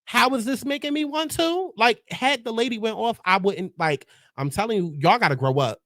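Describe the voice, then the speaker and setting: A man's voice: high voice, lively intonation, normal speed, a bit bright, no room sound, studio quality. Sassy, profane male commentator. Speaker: host. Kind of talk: pop culture commentary.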